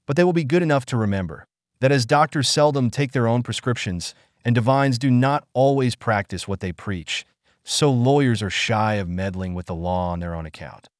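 A man narrating a classic novel in a measured, even storytelling manner. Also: medium pitch, no room sound, clean studio sound. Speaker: audiobook narrator.

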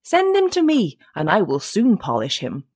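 A woman's voice: mid-range voice, huge pitch swings, moderate pace, a little mellow, breathy edge. A woman reading a fairy tale voices a scheming church sexton. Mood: confident. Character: scheming village sexton, confident man.

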